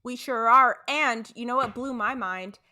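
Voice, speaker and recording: A woman's voice: fairly high pitch, unhurried, pushed and bright. A young adult woman co-hosting a podcast, playful and teasing, a little tipsy from wine. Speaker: podcast co-host. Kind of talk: casual chat.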